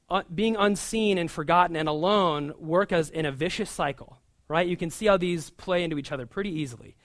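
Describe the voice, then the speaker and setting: A man, a pastor, giving a conversational sermon, animated and chatty with frequent asides. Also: on the high side, dry recording, studio quality.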